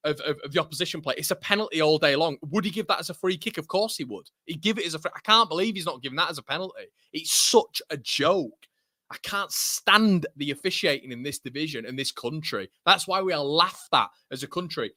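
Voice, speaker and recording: A man's voice: on the high side, bright, forceful tone, dry recording, clean studio sound. A man hosting a live football watchalong, reacting to play with heated, exasperated rants and frequent swearing. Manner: rapid reactions to the action. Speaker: football fan channel host. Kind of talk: live match watchalong commentary.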